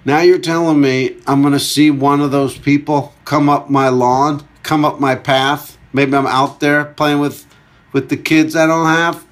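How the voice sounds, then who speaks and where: A man's voice: fairly high pitch, level tone, measured pace. A man hosting a solo comedy podcast, rambling through a chart countdown with jokey asides and answering his own questions. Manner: rambling, jokey, talks back to himself. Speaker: podcast host.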